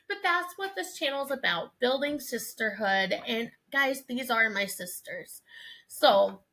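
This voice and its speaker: A woman's voice: on the high side, animated, slow pace, sharp tone. A young woman hosting a casual podcast, telling stories with lots of laughter and swearing freely. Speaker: podcast host.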